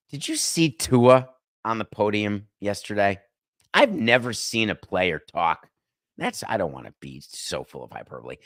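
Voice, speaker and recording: A middle-aged man hosting a sports podcast, talking in a brash, joking monologue full of quick asides. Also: mid-range voice, fairly bright tone, no echo, clean studio sound. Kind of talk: casual sports commentary monologue.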